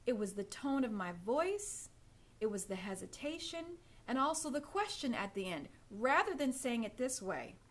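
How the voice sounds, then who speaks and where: Woman etiquette coach, slightly high voice, direct and instructive, speaking to live viewers on a webcam. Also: very animated, measured pace. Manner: acts out hesitant and confident speech examples. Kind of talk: live-stream tips to viewers. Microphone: phone or webcam.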